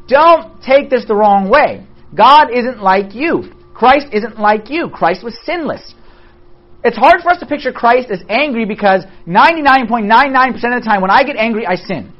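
A Bible study teacher leading a class in an animated way, asking and answering their own rhetorical questions and joking with the group. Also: mid-range voice, moderate pace. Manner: jokes with the group. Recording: dull lo-fi recording.

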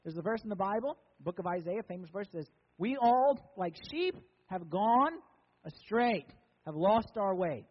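A man's voice: high-pitched, big pitch swings, unhurried, breathy edge, big-room sound, lo-fi sound. A man preaching as a pastor, conversational and joking with emphatic lines. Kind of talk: sermon.

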